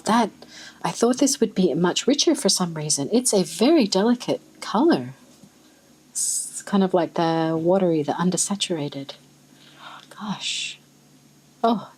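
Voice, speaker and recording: A soft-voiced Australian woman chats as she swatches inks, musing aloud and exclaiming quietly over each color. Her voice sits a little low and has a husky, breathy edge. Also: lively intonation, a little slow, poor audio. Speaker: ink swatching vlogger. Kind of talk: casual chat while swatching.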